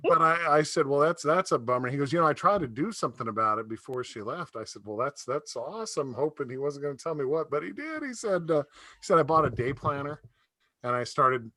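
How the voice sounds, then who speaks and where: A man's voice: on the high side, animated, brisk, bright, forceful tone, dry recording. A middle-aged man doing a stand-up comedy set over a video call, telling rambling stories and laughing at his own jokes.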